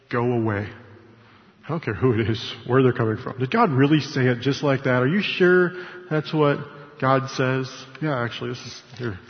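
A man teaching scripture informally, conversational, with asides and self-corrections. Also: medium pitch. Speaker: Bible study teacher. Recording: echoey hall, dull lo-fi sound.

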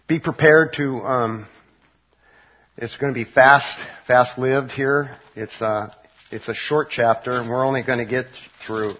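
A man preaching a midweek Bible study sermon, halting and full of fillers and restarts. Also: medium pitch, dull audio, a little hiss or hum. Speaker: pastor.

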